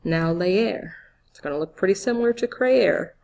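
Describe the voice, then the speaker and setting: A Spanish teacher with a warm, creaky, mid-range voice gives a slow, clear grammar lesson, unhurried and patient as she spells out letters and quizzes the listener.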